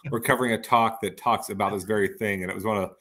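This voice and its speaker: A man co-hosting a casual chat about church talks, talking in an enthusiastic, rambling way and agreeing quickly with his partner. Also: fairly low pitch, steady tone, fairly bright tone. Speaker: podcast co-host.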